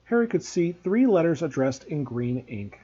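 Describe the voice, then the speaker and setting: A man, a teacher, reading a novel aloud to students in a steady, expressive way. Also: a little high, normal speed, breathy edge, muffled recording.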